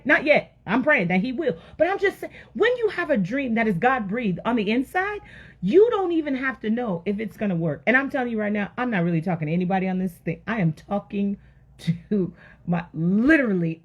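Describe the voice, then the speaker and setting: A woman giving an energetic motivational sermon, firing rhetorical questions and breaking into sudden loud exclamations. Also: fairly high pitch, slightly rough, muffled recording. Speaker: motivational faith speaker.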